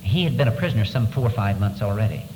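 A man telling a personal story from wartime captivity in an earnest, measured way, pausing as he goes. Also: lowish voice, animated. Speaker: speaker recounting wartime captivity. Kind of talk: storytelling talk. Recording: echoey hall with background noise.

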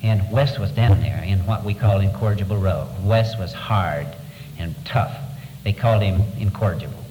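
Speaking in a measured, earnest manner with frequent pauses, a man whose voice sits somewhat low tells the story of his wartime captivity. Long, echoing reverb and clear background noise fill the hall recording.

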